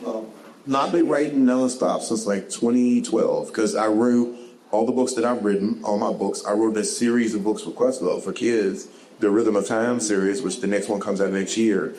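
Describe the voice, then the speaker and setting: A man with a Southern US accent answering audience questions at a bookstore author talk, animated and quick to laugh. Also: lowish voice, rough recording. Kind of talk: casual audience Q&A. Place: bookstore event.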